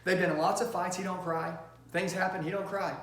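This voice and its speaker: High-pitched, pushy male sales coach. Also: flat delivery, brisk, fairly bright tone. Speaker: sales trainer. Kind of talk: motivational sales training talk. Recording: roomy echo.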